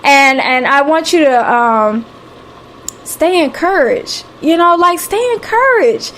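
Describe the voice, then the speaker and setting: This is a woman with a Southern American accent and a high voice. She speaks in a live motivational talk, sounding encouraging and preacher-like. She repeats her key phrases and calls listeners honey and sweetie. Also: expressive, slow, fairly bright tone, slight background noise. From Southern United States. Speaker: radio host. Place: home, live stream.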